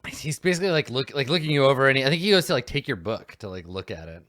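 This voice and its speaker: A man's voice: medium pitch, expressive, very fast, fairly bright tone, dry recording, clean studio sound. A man narrating as game master in a casual, rambling way, full of fillers.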